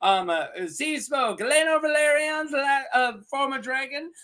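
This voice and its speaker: A man's voice: very high-pitched, measured pace, pushed and bright. A man casually recapping a TV episode from a script, joking and laughing often, with lots of ums. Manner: giggly and joking, full of ums and asides. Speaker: TV show reviewer.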